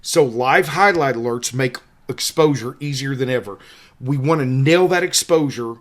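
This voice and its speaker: A man's voice: mid-range voice, normal speed. A man in his fifties with a Southern US accent, an instructor giving emphatic, casual photography advice and repeating his key points. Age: 50s. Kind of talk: casual teaching monologue.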